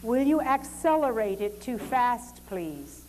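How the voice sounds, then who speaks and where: A woman with a slightly high voice leads a dance lecture demonstration, calmly giving directions to the dancers and explaining each exercise. Her instructions come as measured, polite commands, with a faint hiss beneath her voice.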